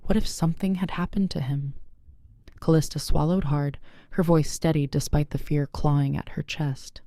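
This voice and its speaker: A narrator reading a werewolf romance story in even, measured scripted narration. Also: mid-range voice, no room sound, clean studio sound.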